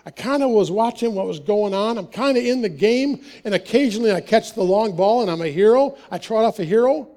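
A man's voice: sits high, animated, brisk, mellow. A middle-aged man from Wisconsin, an author and speaker, telling personal stories to an audience in an earnest, folksy way with wry humor and frequent restarts. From Wisconsin, USA. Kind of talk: personal storytelling talk to an audience.

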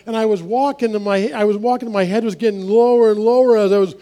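A man's voice: high voice, fairly even intonation, fast talker, lightly acted. Man doing a brash New York factory guy. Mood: anxious. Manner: blunt, loud, incredulous.

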